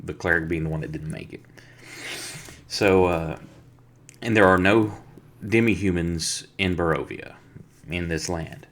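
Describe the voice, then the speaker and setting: A man's voice: sits low, a little slow, long pauses, fairly bright tone. A man, the dungeon master, casually recapping a tabletop game session in a rambling storytelling way. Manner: rambling storytelling that acts out the players' lines.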